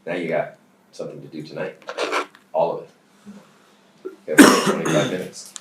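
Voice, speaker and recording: A man's voice: extremely low pitch, fairly even intonation, moderate pace, noisy background. A man coaching a bootcamp group in a loose, chatty way, often checking in with the group. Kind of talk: teaching a bootcamp session. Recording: distant mic in an echoey room.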